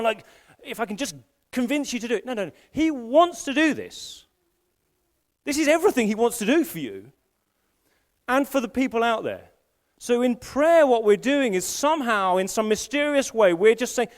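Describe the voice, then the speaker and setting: A man's voice: very high voice, big pitch swings, moderate pace. A middle-aged man, a senior pastor preaching live at a church service, telling stories with self-deprecating humor and frequent restarts. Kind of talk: live sermon. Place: church service in a school hall.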